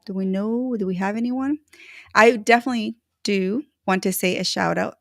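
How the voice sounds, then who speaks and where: A woman hosting a casual livestream, giving bubbly, effusive shout-outs to viewers. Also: medium pitch, normal speed, vocal fry, no room sound, clean studio sound. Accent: Latina-flavored American English. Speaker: livestream host.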